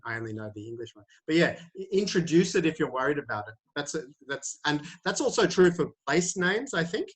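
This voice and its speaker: Hesitant teacher on a call. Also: male voice, medium pitch, a bit bright. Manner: hesitant, many fillers and restarts. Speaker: IELTS teacher. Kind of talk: answering questions in a webinar. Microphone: video call.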